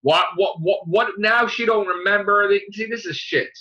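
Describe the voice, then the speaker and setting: A man with a high, bright, sharp-edged voice rants his way through a casual fan podcast, full of fillers, false starts and swearing. The audio is dull and lo-fi. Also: moderate pace. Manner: ranting, swearing, frequent fillers and restarts. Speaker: podcast co-host.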